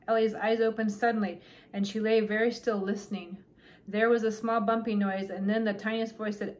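A woman's voice: mid-range voice, moderate pace. A woman hosting her own channel, chatting casually and then reading a children's book aloud. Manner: relaxed, chatty with fillers between reading.

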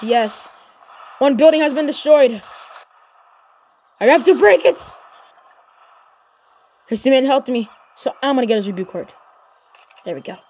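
A high-pitched woman narrates her gameplay in bursts of energy, cheering on her teammate and yelling whenever things heat up. A faint hum of background noise sits under her voice. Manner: energetic, shouts encouragement and cheers. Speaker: gaming channel host. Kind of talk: excited gameplay commentary.

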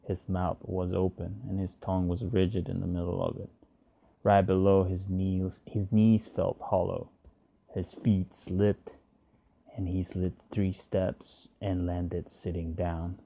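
A man narrating a short story in a measured, subdued way. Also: low-pitched, flat delivery, creaky, mellow, a little hiss or hum. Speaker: reader.

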